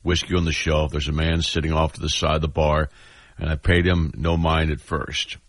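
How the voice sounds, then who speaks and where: Deep husky laid-back male radio host. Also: flat delivery, moderate pace, no room sound. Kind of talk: casual radio talk, reading listener messages.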